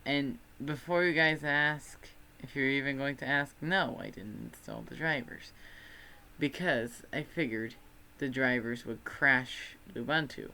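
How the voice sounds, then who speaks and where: A man's voice: mid-range voice, measured pace, gravelly, pushed and bright. A young man from Texas with a Texan accent, chatting casually on a livestream in a rambling, self-deprecating way. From Texas, USA. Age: student.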